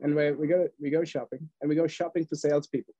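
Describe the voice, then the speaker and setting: Animated husky-voiced man telling stories. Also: on the high side, fast, no room sound, lo-fi sound. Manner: animated storyteller, laughs often, acts out dialogue. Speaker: podcast guest, entrepreneur. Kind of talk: casual storytelling interview.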